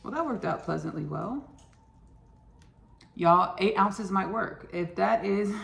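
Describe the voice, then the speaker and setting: A woman's voice: mid-range voice, big pitch swings, slow, gravelly, long pauses, fairly bright tone, reverberant. A woman from Texas with a Texan accent, hosting a casual home cooking video and chatting as she works, often repeating her phrases. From Austin, Texas. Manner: chatty, repeats phrases, laughs at own jokes.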